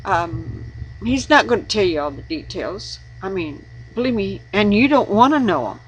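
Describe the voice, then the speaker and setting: In an informal devotional talk, a Christian video blogger offers earnest, preachy marriage advice, repeating words for emphasis. Her mid-range voice is husky and animated at a normal speed, and the recording is rough.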